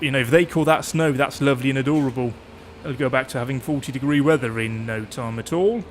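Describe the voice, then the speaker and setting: A man's voice: a little high, a little hiss or hum. A man chatting casually and jokingly while playing a farming game, swearing freely. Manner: chatty, jokey, swears freely, puts on quick mock voices. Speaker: gameplay streamer.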